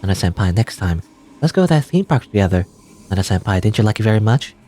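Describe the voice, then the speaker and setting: A man's voice: on the low side, sing-song, fast talker, warm tone. A man voicing a clingy, obsessive young female student who stalks her senior, in an anxious, pleading manner.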